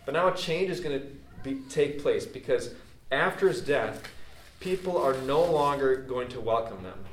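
A man delivers a sermon in an easygoing, conversational way, often restarting his sentences. His voice sits at an ordinary middle pitch. He is recorded from some distance in a reverberant room with a faint hum of ambience behind him. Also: animated, moderate pace. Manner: loose, chatty, with many fillers and restarts. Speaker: pastor.

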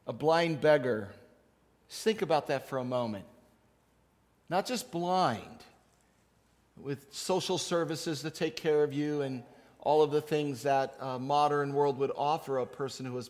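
A man delivers a Sunday sermon from the pulpit, his fairly high voice rising to loud emphatic readings and dropping to quiet asides. He fills pauses with frequent uh sounds. The church hall gives his voice a long reverb. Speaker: pastor. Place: church sanctuary.

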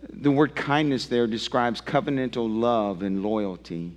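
A male pastor preaching a sermon, emphatic and swinging from loud to hushed, often asking his listeners direct questions. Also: mid-range voice, expressive, measured pace. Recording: long reverb of a large hall.

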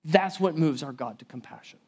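High-voiced man preaching conversationally. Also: animated, fairly quick, darkish tone, husky. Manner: conversational, emphatic, many restarts and asides. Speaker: pastor. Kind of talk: sermon.

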